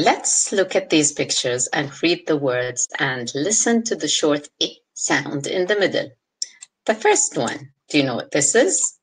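A woman's voice: sits low, a bit bright, breathy edge. A woman teacher giving a phonics lesson to young children, sounding out letters and words one by one. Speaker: kindergarten teacher.

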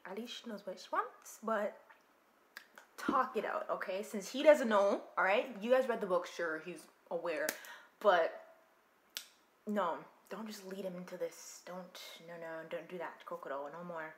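A young woman casually reacting to an anime, talking back to the screen in an expressive way. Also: on the low side, a little slow, reverberant, a little hiss or hum. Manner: expressive, talks back to the screen, shrieks and laughs.

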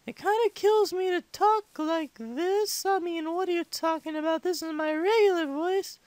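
A hyper five-year-old boy gamer rambles excitedly over his game in a piercing, sky-high squeak. The sound is dry and close, with no room around it. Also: moderate pace, dry recording. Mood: chatty. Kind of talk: comedic let's-play commentary.

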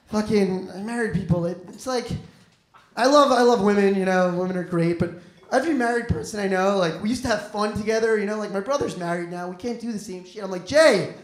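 Self-deprecating young man doing stand-up. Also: high-pitched. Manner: self-deprecating, rambling, profane. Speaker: stand-up comedian. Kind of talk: stand-up set. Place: comedy club stage. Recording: echoey comedy club room.

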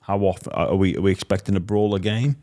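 Deep-voiced podcast host. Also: male voice, steady tone, dark tone. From Australia. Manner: short encouraging "mm" and "yeah" backchannels, halting questions. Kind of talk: casual interview.

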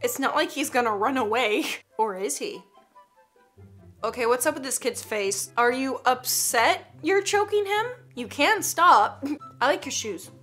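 High, bright giggly woman vlogger. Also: animated, unhurried, soft background music. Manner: giggly, joking, teasing asides. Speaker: YouTube reaction host. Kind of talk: casual reaction commentary.

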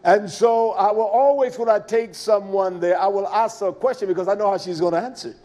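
A man preaching a folksy, emphatic sermon, swinging between loud outbursts and quiet asides. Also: high voice, brisk.

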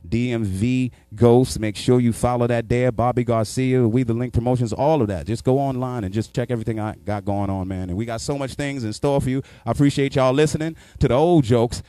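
A comedian talks at an ordinary pitch with a rough, profane streak and plenty of slang. His delivery is animated, loose and casual. The recording is dry and close. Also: brisk, hardly any pauses, no echo. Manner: animated, profane, raw street talk. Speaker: stand-up comedian.

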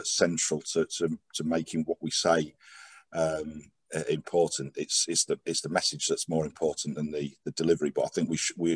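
A man with a husky voice speaking haltingly, with many fillers, on a discussion panel. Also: rumbling low, darkish tone. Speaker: panel guest. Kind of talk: casual talk on public speaking.

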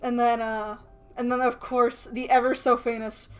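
A woman chats casually in a slightly high voice. She hesitates and stumbles over her words, and faint music plays behind her. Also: little pitch movement, moderate pace. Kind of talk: casual chat.

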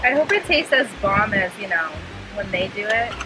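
A woman's voice: medium pitch, expressive, moderate pace, rough recording. A woman hosting a mukbang vlog, chatting bubbly and casual while eating outdoors beside a restaurant's waterfalls. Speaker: mukbang vlogger host. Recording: music playing under the voice.

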